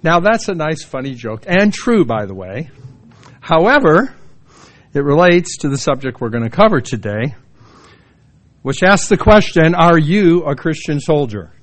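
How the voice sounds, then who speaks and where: A man's voice: a little high, sing-song, a little slow, pauses often. Man preaching a story-filled sermon. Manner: storytelling, acts out quoted voices. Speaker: pastor. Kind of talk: sermon with humorous stories.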